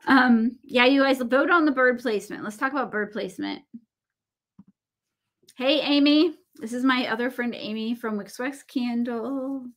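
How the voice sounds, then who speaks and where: Here the woman sounds high-pitched and fairly bright. She's in her thirties, has a Southern American accent, and hosts an easygoing craft livestream where she rambles through tales with plenty of fillers and self-deprecating remarks.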